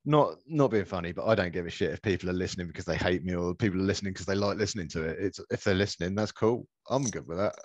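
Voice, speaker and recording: Deep-voiced laid-back man. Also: quick pace, hardly any pauses, no room sound. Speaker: podcast co-host. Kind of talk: casual chat.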